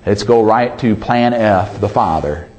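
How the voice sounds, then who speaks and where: A man's voice: on the low side, measured pace. A man preaching a sermon, emphatic, often calling out for an amen. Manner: emphatic, calls for amens, animated delivery. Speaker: pastor.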